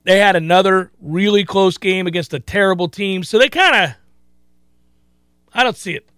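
A man hosting a sports betting radio talk show, emphatic and quick with asides. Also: sits high, a bit bright, smooth, no echo, studio quality.

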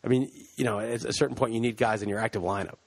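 A man's voice: on the low side, steady tone, rapid-fire, vocal fry. A man co-hosting a podcast in casual chat, loose and rambling, laughing as he talks, recorded on a computer mic. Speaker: podcast co-host. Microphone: computer mic, remote call.

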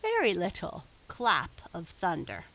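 Slow, measured woman storyteller. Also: on the low side, wildly swooping pitch, vocal fry, pushed and bright. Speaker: narrator. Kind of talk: storybook narration.

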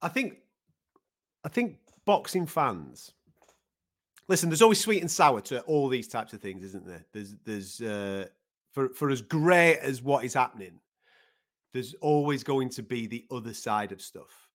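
A man's voice: medium pitch, animated, unhurried. A man co-hosting a podcast, talking casually and emphatically, often restarting to find his words. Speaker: podcast co-host. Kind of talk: casual chat.

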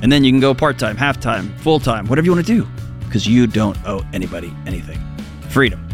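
A man's voice: medium pitch, expressive, quick pace, music in the background. A man hosting a call-in radio show, chatting casually and joking at his own expense. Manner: joking, self-deprecating.

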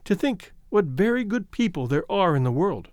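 Storybook reading: man playing a remorseful young woman, raised pitch, very lively delivery. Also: normal speed, no room sound, clean studio sound. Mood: earnest. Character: young woman, former chorus singer, remorseful.

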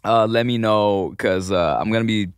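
A man's voice: on the low side, moderate pace, clear, resonant tone, dry recording, clean studio sound. A man co-hosting a podcast in casual chat, talking loosely and with lots of swearing and laughter. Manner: animated, profane, laughs often. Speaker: podcast co-host.

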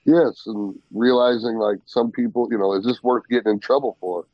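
A man's voice: mid-range voice, moderate pace, dry recording, muffled recording. A man in casual podcast chat, reminiscing agreeably about childhood. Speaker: podcast co-host.

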